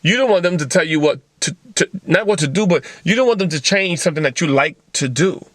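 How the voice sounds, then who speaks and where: A man's voice: a little high, expressive, fast, fairly bright tone, no room sound, clean studio sound. A man hosting a motivational talk show, lecturing in blunt, profane casual speech full of rhetorical questions.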